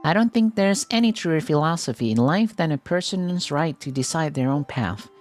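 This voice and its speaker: A man's voice: on the high side, lively intonation, moderate pace, faint music behind, close to an everyday voice. A man voicing an earnest teenage girl who runs a festival club, reading a game story aloud with voices. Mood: resolute.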